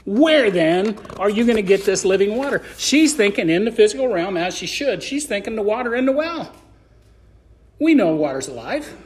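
A man preaching a conversational sermon on a podcast, acting out scripture scenes in voices. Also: high voice.

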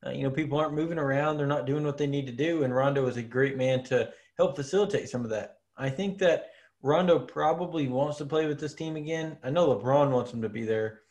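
A man's voice: mid-range voice, a little fast, few pauses, a little mellow. A man talking basketball on a casual podcast in an average, mid-range voice. He is easygoing and builds his arguments through long, everyday examples. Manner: laid-back, argues with long examples. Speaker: podcast co-host. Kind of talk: casual sports chat.

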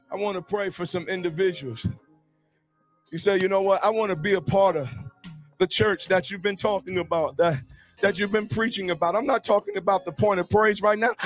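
A man preaching a sermon to an outdoor congregation, fervent and building to shouted exclamations. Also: sits high. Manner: fervent, rising to shouted exclamations with call-and-response. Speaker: pastor. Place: outdoors, parking lot service.

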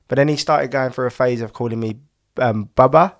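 A man's voice: medium pitch, brisk. A man, co-hosting a casual podcast chat, telling rambling stories full of fillers and restarts. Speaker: podcast co-host.

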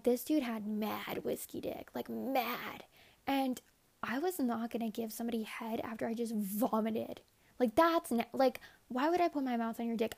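A young woman telling a story straight to camera, casual and unfiltered. Her voice sits a bit high and carries plenty of vocal fry. She keeps dropping into quoted inner monologue and fills her talk with "like". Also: darkish tone. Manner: candid, profane, rambling with many "like"s; acts out her own inner thoughts in quotes.

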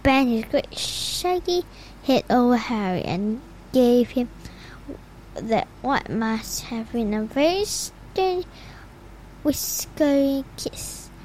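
A woman reading a children's storybook aloud in an unhurried way, with occasional slips and restarts. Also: a little high, animated, darkish tone, slight background noise, rough recording. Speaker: reader.

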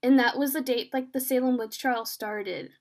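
A young woman with a high, light voice talks through a TV episode with a friend. She acts out each character's lines as she goes. Her speech is loose and chatty, with plenty of fillers. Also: moderate pace. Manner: excited, filler-heavy retelling, acts out the scenes in quoted voices. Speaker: podcast co-host recapping a TV episode. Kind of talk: casual chat.

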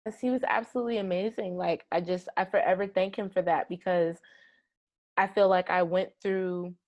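A woman's voice: medium pitch, fairly even intonation, normal speed, a little mellow. A woman in her thirties, a guest in an interview, earnestly telling a personal story with many "like" fillers. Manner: earnest, heartfelt, frequent "like" fillers.

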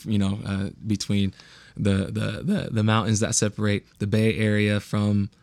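A man's voice: on the low side, completely flat delivery, a little slow, darkish tone, no room sound. A young man from California's Central Valley with a West Coast accent, hosting a casual Bible talk podcast in a slangy, loose way. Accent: West Coast American. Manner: casual, slangy, repeats words when restarting. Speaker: podcast host.

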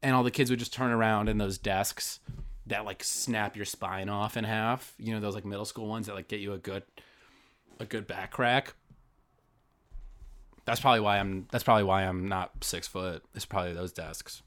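A man's voice: on the low side, fairly even intonation, normal speed, long pauses, a bit bright. A man hosting his own podcast, rambling through a profane, self-deprecating comic monologue. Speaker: podcast host. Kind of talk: solo comedic monologue.

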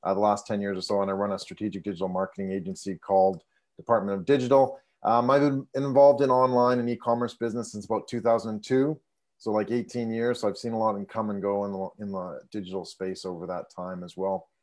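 A man's voice: lowish voice, level tone, fast, darkish tone. A man giving a polished self-introduction as a digital marketing agency owner on a video call. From Canada.

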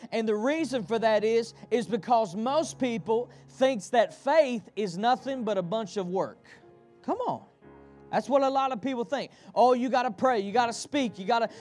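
A man's voice: extremely high pitch, a little mellow. A man preaching a sermon to his congregation, calling for responses and repeating phrases in a rhythmic delivery. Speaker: pastor. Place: church.

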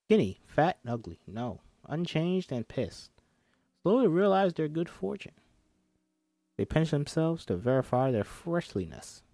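A man's voice: on the high side, very animated, a little slow, creaky, mellow, no echo, studio quality. A man reads a film script aloud and breaks off for jokey, swearing asides, acting out the characters' lines as he goes.

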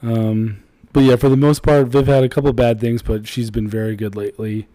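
A man's voice: mid-range voice, little pitch movement, fairly quick, dark tone, no room sound. A man in his thirties co-hosting a casual chat, blunt and laid-back, swearing freely as he tells family stories. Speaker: podcast co-host.

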